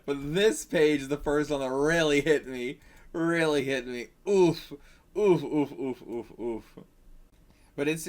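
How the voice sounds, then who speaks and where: A chatty man hosts a casual manga reaction, his voice sitting at an ordinary middle pitch. His intonation is lively and swings widely as he reads and comments. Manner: animated, chatty. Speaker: reaction channel host.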